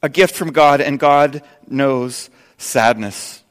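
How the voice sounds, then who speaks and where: A man in his fifties preaching a sermon earnestly, dropping soft and low, then rising loud and emphatic. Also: slow, hardly any pauses, smooth, big-room sound. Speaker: pastor.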